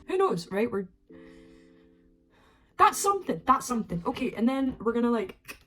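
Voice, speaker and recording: A young woman chats her way through a makeup tutorial, scattered and self-deprecating, stumbling over restarts. Her voice sits at an ordinary pitch for a woman, sometimes sinking into a breathy whisper while she works. Soft music plays faintly behind her. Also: lively intonation, normal speed, pauses often, rough recording. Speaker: beauty vlogger.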